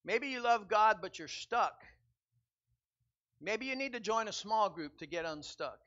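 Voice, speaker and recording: A man preaching a sermon as pastor, building from quiet reflection to loud, emphatic repetition. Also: high-pitched, expressive, a little slow. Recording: dull lo-fi sound.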